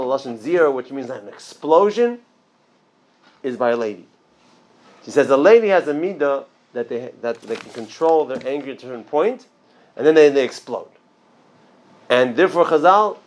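A man teaching an informal religious class, talking conversationally with restarts and asides, and jumping up in pitch and loudness to stress his points.

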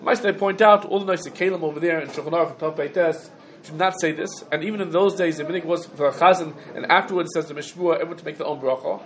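A man's voice: fairly high pitch, fast talker, slight background noise. A man teaching a halacha class, going through rulings step by step, quoting sources and asking questions. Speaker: Torah teacher.

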